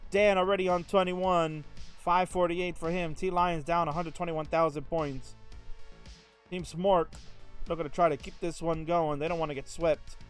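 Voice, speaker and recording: A man's voice: fairly high pitch, steady tone, moderate pace, clear, resonant tone, faint music behind. A man hosting and commenting on a live video game match, playful and joking as he calls the play. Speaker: esports commentator and host.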